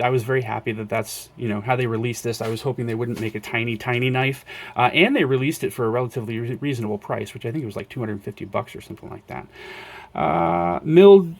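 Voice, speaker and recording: Man, mid-pitch, gravelly, casual rambling show-and-tell, lots of ums and restarts. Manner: rambling, many fillers and self-corrections. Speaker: knife collector showing his collection.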